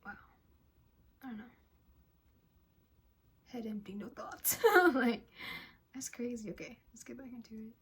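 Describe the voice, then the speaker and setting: A woman's voice: on the high side, steady tone, normal speed, pauses often, darkish tone, slightly rough. A nineteen-year-old woman hosting a casual reaction vlog, chatty and slangy, with lots of "like" and "um.". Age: late teens. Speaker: reaction channel host.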